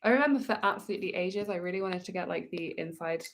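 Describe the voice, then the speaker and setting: A woman, speaking softly and hesitantly with lots of fillers as a co-host on a casual live stream. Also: fairly low pitch, fast, slight background noise. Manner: soft-spoken, hesitant, filler-heavy. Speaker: co-host checking comments.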